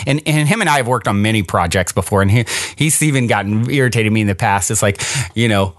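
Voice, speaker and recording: A man hosting a podcast tells a personal story in a relaxed, chatty way, his voice sitting in an ordinary middle pitch. He sounds upbeat and fills his talk with casual fillers and quick restarts. The recording is dry and close, with no room sound. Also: no echo. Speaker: podcast host.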